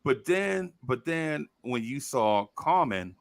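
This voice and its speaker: A man's voice: medium pitch, slow, vocal fry, dry recording, studio quality. A middle-aged man, a podcast co-host telling childhood stories in casual chat and acting out the voices. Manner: animated storyteller, acts out voices loudly.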